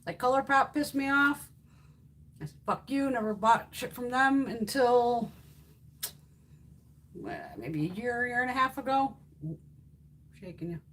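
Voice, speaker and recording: A woman's voice: fairly high pitch, measured pace, long pauses. A woman in her fifties chatting casually on a makeup livestream, telling stories bluntly and swearing freely. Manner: blunt, profane, animated storyteller. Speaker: beauty YouTuber. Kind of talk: casual livestream chat while swatching makeup.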